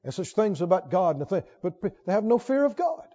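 Fervent high-voiced preacher in a reverberant hall. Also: male voice, very animated, quick pace. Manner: fervent, emphatic, swings from loud to hushed. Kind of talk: sermon. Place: church sanctuary. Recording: lo-fi recording with long hall reverb.

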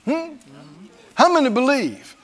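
A man preaching a sermon in an animated way, laughing often and acting out the voices of the people he quotes. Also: very high-pitched, slow pace.

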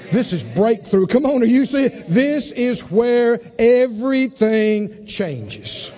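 A male preacher delivering an emphatic sermon, calling out to the congregation and swinging between soft and loud. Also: very animated, slow pace. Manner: emphatic, call-and-response, dramatic swings in pitch and volume. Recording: dull recording with long hall reverb.

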